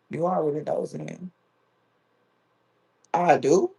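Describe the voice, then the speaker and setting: A livestream host chats casually and playfully teases his viewers, reading their comments out loud. His slightly high voice is flat, slow and creaky with a dark tone, and he pauses often.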